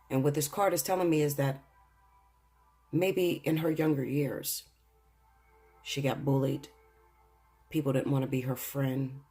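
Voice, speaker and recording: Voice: medium pitch, mellow, slightly rough. A tarot reader giving an earnest spiritual reading and speaking straight to viewers, emotional and fighting back tears at times. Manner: earnest, addresses viewers directly.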